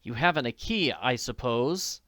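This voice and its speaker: A man's voice: mid-range voice, lively intonation, measured pace, a bit bright, dry recording, clean studio sound. A man reading an audiobook, voicing a brave, determined teenage girl detective in an urgent, earnest way. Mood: resolute. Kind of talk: audiobook character voice.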